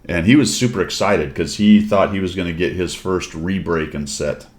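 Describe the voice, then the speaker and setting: A man with a very deep voice hosts a casual stream chat. He tells stories at an unhurried, laid-back pace. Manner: laid-back anecdotal storytelling. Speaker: streamer host.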